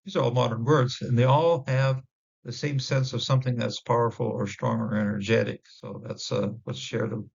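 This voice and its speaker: A man giving an informal Bible word-study lesson, halting with many fillers and restarts, sounding out Hebrew words slowly. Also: medium pitch, steady tone, gravelly. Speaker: Bible teacher. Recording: dull lo-fi recording.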